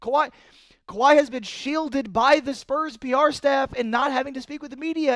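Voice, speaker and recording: A man in his thirties hosts a live-streamed sports talk show, reading viewer comments and getting worked up over trades. He is excitable, and his very high voice rises sharply when he's indignant; he talks at normal speed with no echo.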